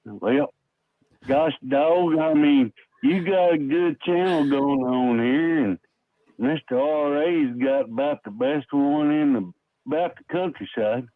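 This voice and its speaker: A man's voice: fairly high pitch, slow, dry recording. A man calling in, talking in a folksy, friendly drawl. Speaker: caller. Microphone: phone call. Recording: tinny phone line.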